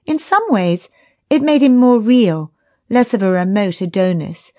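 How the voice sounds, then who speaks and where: A woman's voice: medium pitch, expressive, a little slow, dark tone, dry recording. A woman narrating a first-person romance audiobook in a wry, conversational way.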